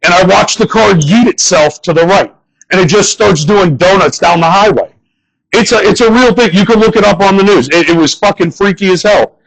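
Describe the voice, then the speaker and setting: A young comedian from the northern US works a live bar crowd, loosely rambling through crude, profane stories. His somewhat high voice carries vocal fry at a normal speed, and the audio quality is poor.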